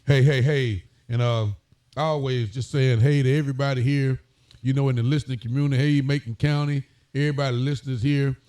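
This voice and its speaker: A man's voice: medium pitch, steady tone, brisk, mellow. A man, a sheriff hosting a casual talk show, greeting viewers by name in a folksy way.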